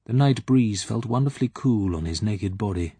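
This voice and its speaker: A man reading a novel aloud in measured scripted narration. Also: on the low side, expressive, mellow, husky, dry recording. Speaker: audiobook narrator.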